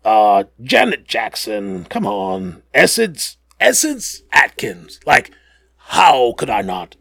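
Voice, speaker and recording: A man hosts a casual podcast, rambling with jokey asides while he shakes off the flu. His low voice is gravelly and a little husky, and it swings widely in pitch. The sound is dry and close. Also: wildly swooping pitch, takes it slowly, a bit bright, no room sound. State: getting over the flu. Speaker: podcast host.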